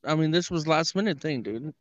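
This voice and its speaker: A man's voice: a little high, animated, fairly quick, dry recording. Man co-host calling in from an airport, sheepish, dull lo-fi line. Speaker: podcast co-host. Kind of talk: casual chat.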